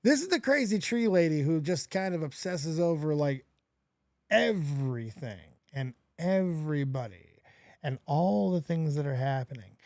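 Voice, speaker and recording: A man's voice: fairly high pitch, expressive, unhurried, a little mellow, dry recording, studio quality. A man hosting a casual, crude and mocking reaction commentary. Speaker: host.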